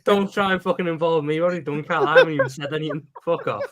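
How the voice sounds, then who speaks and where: A man's voice: on the high side, very fast. A man on a football fan stream, reluctant and defensive, swearing when dragged in. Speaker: panelist on a football fan show. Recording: loud crowd noise behind.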